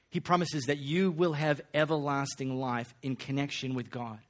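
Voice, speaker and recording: A man's voice: on the high side, brisk, few pauses, a bit bright. A man, preaching a sermon in a folksy, joking way full of slang. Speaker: pastor.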